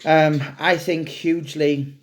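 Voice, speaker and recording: A man's voice: a little high, level tone, takes it slowly. A middle-aged man, an author, talking in a casual interview with many restarts and fillers. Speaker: author discussing a book subject.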